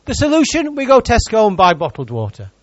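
Lively, high-pitched preacher. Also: male voice, fairly quick, no room sound, highs cut off. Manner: lively, teasing preacher who jokes with the congregation. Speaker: pastor. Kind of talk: sermon.

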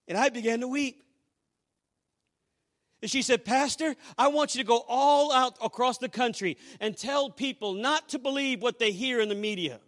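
A male pastor preaching and telling a story to a congregation, swinging between hushed asides and loud exclamations. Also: very high voice. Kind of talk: sermon storytelling.

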